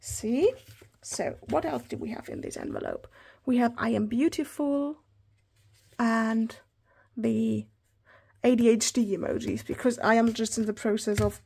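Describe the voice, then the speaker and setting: A woman in her thirties chatting through an unboxing haul, gushing and excitable, often talking straight to her viewers. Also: a little high, unhurried, gravelly, long pauses, husky. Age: 30s. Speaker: planner hobby vlogger.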